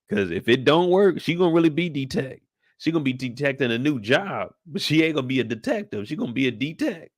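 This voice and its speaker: A man's voice: medium pitch, animated, fairly quick, dry recording, clean studio sound. A man hosting a casual TV recap show, talking in a profane, laughing way. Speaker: show host.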